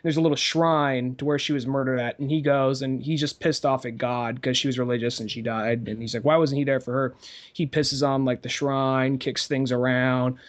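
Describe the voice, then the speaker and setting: A man's voice: medium pitch, fairly even intonation, moderate pace. A young man co-hosting a podcast, retelling a film plot in rambling casual chat, full of fillers and swearing. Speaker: podcast co-host.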